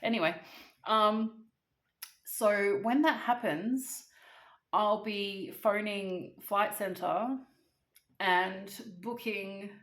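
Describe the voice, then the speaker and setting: A woman telling a story vlog-style in a chatty, animated, casually swearing way. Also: medium pitch, extremely slow, pauses often, roomy sound. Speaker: vlogger.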